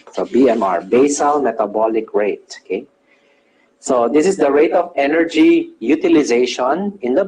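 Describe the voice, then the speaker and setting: A man's voice: mid-range voice, darkish tone, a little hiss or hum, poor audio. Male lecturer ending every phrase with "okay?". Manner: checks in with "okay?" after nearly every phrase; quizzes students and answers his own questions. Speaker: nursing lecturer. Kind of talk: classroom lecture.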